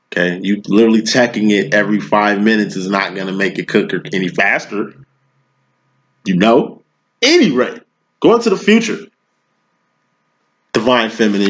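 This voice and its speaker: A man giving a casual tarot reading, talking in slang and preaching, always checking in with "you know what I'm saying". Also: fairly low pitch. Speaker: tarot reader. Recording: dull lo-fi recording.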